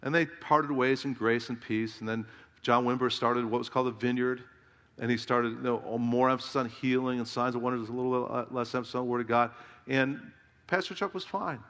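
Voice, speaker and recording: A man's voice: medium pitch, steady tone, a little fast, fairly bright tone. Emphatic male preacher in a reverberant hall. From Southern California. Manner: emphatic preaching, rhetorical questions to the congregation. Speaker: pastor. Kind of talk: sermon. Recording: long reverb of a large hall.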